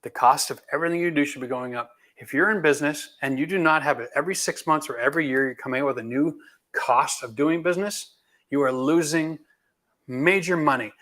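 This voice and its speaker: Blunt, bright-voiced contractor host. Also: male voice, a little high, brisk. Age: middle-aged. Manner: blunt, emphatic, folksy. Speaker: home renovation channel host. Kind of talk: live Q&A chat.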